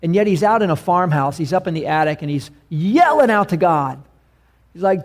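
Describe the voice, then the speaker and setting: Male preacher, casual and emphatic, slightly high voice, keeps asking his listeners questions. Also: expressive, normal speed. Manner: conversational and emphatic, asks the congregation questions. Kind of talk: sermon.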